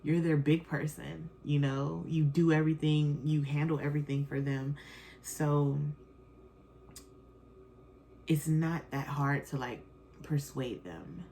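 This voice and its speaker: Low gravelly-voiced woman podcaster. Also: fairly even intonation, takes it slowly, pauses often, warm tone, a little hiss or hum. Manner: candid, rambling, frequent fillers and self-corrections. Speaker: podcast host; mother of children. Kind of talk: casual solo podcast chat.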